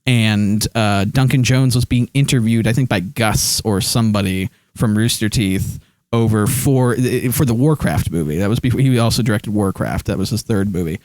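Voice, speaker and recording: A man's voice: on the low side, moderate pace, darkish tone, no echo. A man streaming live, chatting casually about his movie collection with lots of ums and restarts, close to his desk microphone. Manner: rambling, many fillers, reads chat aloud.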